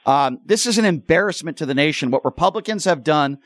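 Blunt, high-voiced radio host man. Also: expressive, fast, no echo. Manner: blunt, argumentative. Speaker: radio talk show host. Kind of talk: call-in radio talk.

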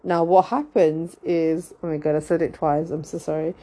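A woman's voice: sits low, flat delivery, moderate pace, dark tone. A young woman hosting a casual gossip podcast, rambling with lots of fillers and frequent laughter. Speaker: podcast host.

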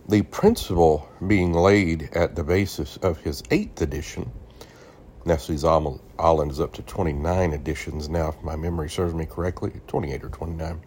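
Very deep male voice, podcast host, reads an old text aloud, stops to explain and spell names. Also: a little mellow, husky. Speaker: podcast host reading and commenting on a church text. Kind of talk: reading aloud with asides.

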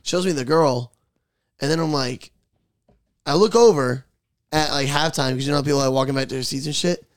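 A man's voice: a little high, fairly quick, pauses often, clear, resonant tone, no room sound, clean studio sound. A young man co-hosting a podcast, telling a rowdy, profane story in a casual chat. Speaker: podcast co-host.

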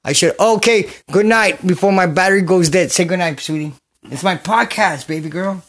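A high-pitched man rambles through a loose, jokey podcast, recorded on a phone in a bedroom. He jumps from topic to topic and now and then breaks into a shout. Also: normal speed. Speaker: podcast host. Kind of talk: rambling casual podcast chat. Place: a bedroom at home.

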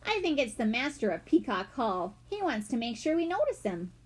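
Polite calm boy, read by a woman. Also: fairly high pitch, moderate pace, husky. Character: polite older boy, eldest brother.

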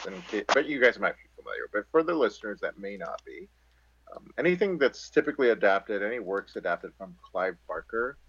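Man, low husky voice, casual chat, wry asides, dull muffled sound. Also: fairly bright tone, no echo. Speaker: podcast co-host.

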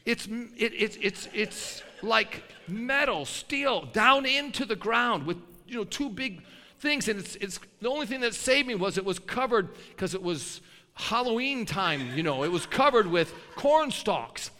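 Male preacher, high lively voice, folksy and fiery, cutting sound with long hall reverb; builds to shouts. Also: measured pace. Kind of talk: sermon.

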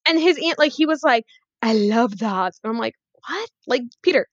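A woman chatting casually with a co-host, quick with wry, skeptical asides. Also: high voice, expressive, fairly bright tone, no echo, dull audio. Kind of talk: casual chat recapping a dating show.

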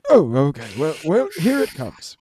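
A man's voice: on the high side, huge pitch swings, unhurried, mellow, slight background noise. A man voicing a rambling old male ex-soldier in prison, stammering and dithering, getting overexcited. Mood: excited. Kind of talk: tabletop role-play voicing.

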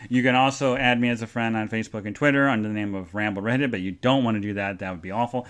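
A man's voice: lowish voice, steady tone, quick pace, a bit bright. A man hosting a live podcast show, rambling casually and reading out listener comments, with jokingly sarcastic show plugs. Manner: rambling, chatty, reads out listener chat comments. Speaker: podcast host.

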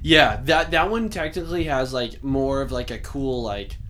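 A man's voice: mid-range voice, normal speed, a bit bright, a little hiss or hum. A young man in casual chat with friends, rambling and swearing as he retells a cartoon scene. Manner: rambling, lots of fillers and restarts, swearing. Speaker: friend in conversation.

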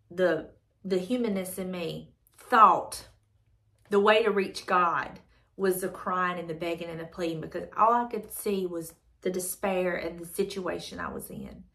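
A woman's voice: on the low side, pushed and bright. A woman hosting a devotional channel, reading aloud and reflecting earnestly, repeating her phrases as she thinks things through.

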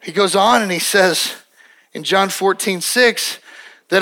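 A middle-aged man preaching a sermon as pastor, emphatic and repetitive, acting out quick little dialogues. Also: high voice, bright, forceful tone.

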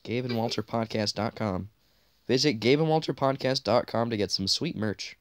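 A man's voice: medium pitch, normal speed. A teenage boy co-hosting a podcast in casual chat, rambling and cracking crude jokes. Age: teens. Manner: jokey, rambling, crude humor. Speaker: podcast co-host.

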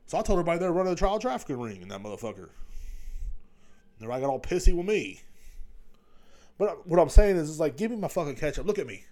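A man's voice: a little high, sing-song, fast talker, pauses often, darkish tone. A middle-aged man hosting a comedy podcast, ranting crudely and mocking voices as he rambles. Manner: profane, rambling, mocking voices mid-rant. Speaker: podcast host.

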